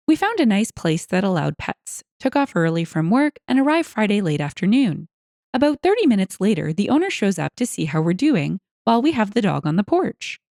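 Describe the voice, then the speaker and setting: Woman storyteller, scripted narration, animated pitch, dry close sound. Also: no echo. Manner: lively, expressive reading with wry asides. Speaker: storyteller reading online stories.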